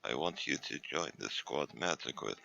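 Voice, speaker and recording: A man imitating a monotone robotic text-to-speech computer voice, squeezed and gravelly from throat pressure. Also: very deep voice, slight background noise, voice pushed down, exaggerated voice. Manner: slow flat robotic delivery. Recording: dull lo-fi stream mic.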